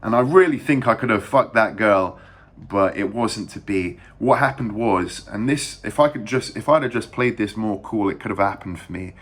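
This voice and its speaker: A young English man telling a story to camera in a casual, rambling and crude way, talking fast with lots of fillers and restarts. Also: lowish voice, a bit bright. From England. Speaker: vlogger.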